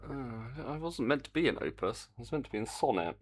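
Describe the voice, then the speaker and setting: A man's voice: mid-range voice, animated, a little fast, slightly rough. Male game dev on a live stream, frustrated mutterer, voice rises and falls a lot. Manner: exasperated muttering and humming to himself. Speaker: game developer streaming his work. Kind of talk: casual live-stream chat while coding.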